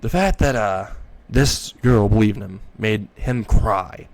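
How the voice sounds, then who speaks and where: A man's voice: on the low side, slow, a little hiss or hum. Rambling male fan-story narrator. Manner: rambling, self-correcting.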